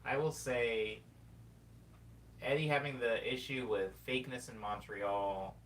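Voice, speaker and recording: Streamer, man in his 20s, casual and rambling, reading chat aloud; a bit off-mic with a faint rumble. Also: fairly even intonation, a little slow, a bit bright, far from the mic. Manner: rambling and reflective, reads chat messages aloud. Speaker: livestream host.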